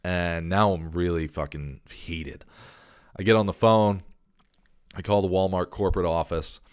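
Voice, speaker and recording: A podcast host with a low, steady, unhurried voice that's a little mellow and smooth, recorded at studio quality with no echo. He tells a long, exasperated story in casual chat, swearing and restarting his sentences often in a profane rant.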